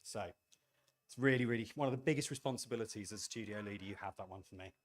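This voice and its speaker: A middle-aged man who runs a game studio gives a talk to an audience, animated and self-deprecating, acting out the remarks he quotes. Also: fairly low pitch, fast talker.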